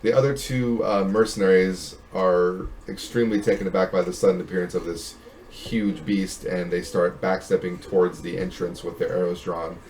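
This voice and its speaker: A man narrating as game master of a tabletop game, halting with many fillers and restarts. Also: sits low, steady tone, a little mellow.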